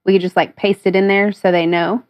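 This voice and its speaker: A woman's voice: medium pitch, little pitch movement, fairly quick, smooth. A woman co-hosting a stream, chatty and full of hesitant fillers. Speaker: podcast co-host. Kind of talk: casual stream chat.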